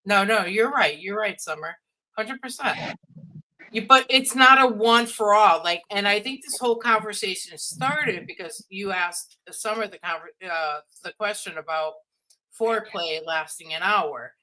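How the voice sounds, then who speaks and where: Bright-voiced woman giving earnest advice. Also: mid-range voice, a little slow, rough recording. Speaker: podcast panelist. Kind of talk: casual panel chat.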